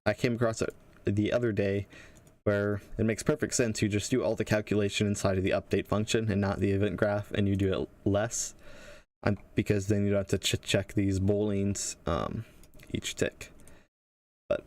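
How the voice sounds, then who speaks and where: Low-voiced man thinking aloud while coding. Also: little pitch movement, a little mellow, no echo. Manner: casual, halting, thinks aloud with restarts. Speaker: game developer teaching on a livestream. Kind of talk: thinking-aloud livestream tutorial.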